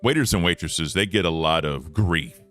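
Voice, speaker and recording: A young man with an extremely deep voice chats casually as a podcast co-host. His tone stays bright and forward even as he rambles and lets his sentences trail off quietly. Faint music sits in the background. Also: normal speed. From United States.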